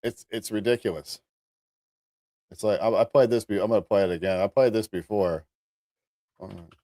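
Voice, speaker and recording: A man hosting a live-stream commentary show, talking straight to his viewers in an animated way. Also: on the low side, normal speed, dry recording, clean studio sound. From United States. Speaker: host.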